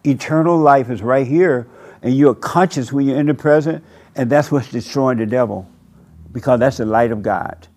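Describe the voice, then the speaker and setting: Man preaching in a drawn-out way. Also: mid-range voice, a little mellow. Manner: preaching, drawn-out emphatic phrasing. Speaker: pastor. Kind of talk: sermon. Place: church service.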